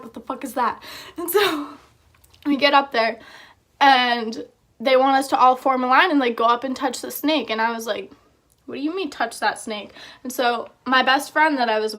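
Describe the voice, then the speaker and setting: A woman's voice: high voice, fairly bright tone. A young woman vlogger telling a story in a chatty, casual way, with lots of filler words.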